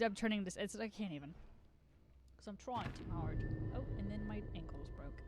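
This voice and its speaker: A woman's voice: medium pitch, normal speed, darkish tone, breathy edge, no room sound. A young woman streamer with a slight Southern US accent, chatting casually while she plays, rambling and joking and swearing freely. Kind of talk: casual gaming stream chat.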